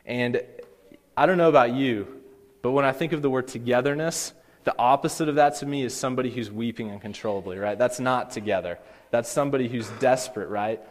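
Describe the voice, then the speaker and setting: Guy preaching in church, earnest, mid-pitch voice, long echo off the hall. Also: brisk. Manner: earnest, rising to emphatic pleas in quoted lines. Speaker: pastor. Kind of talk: sermon.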